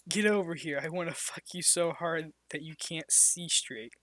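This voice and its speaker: A reader voicing a smug, flirtatious man in a trashy romance story, with a slow, would-be sexy delivery. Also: medium pitch, fairly even intonation, sharp tone, dry recording, lightly acted. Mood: whispered.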